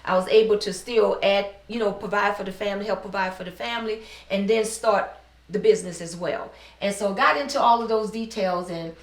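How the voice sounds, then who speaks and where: Middle-aged woman, heartfelt storyteller, mid-pitched, recorded in a reverberant room from a distance. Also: brisk. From New Orleans, USA. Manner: earnest, heartfelt, faith-filled telling. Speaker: business owner interviewee. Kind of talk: personal storytelling interview. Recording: roomy sound, mic at a distance.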